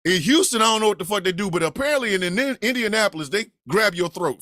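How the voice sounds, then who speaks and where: A man from Kansas City telling a comedic story on a podcast. He talks in an animated, profane way, acting out the voices of the people in it and breaking into shouts. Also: sits high, a little fast, no room sound, clean studio sound. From Kansas City, USA.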